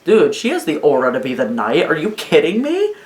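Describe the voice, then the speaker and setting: A woman ranting excitedly about her video game theories in a rambling, swearing, casual way. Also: deep voice, a little fast. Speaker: video host. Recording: echoey room.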